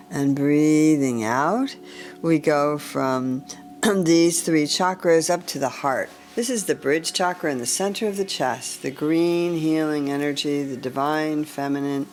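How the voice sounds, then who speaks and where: A woman leading a guided chakra meditation in a calm, gentle way, often clearing her throat. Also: low voice. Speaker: meditation teacher.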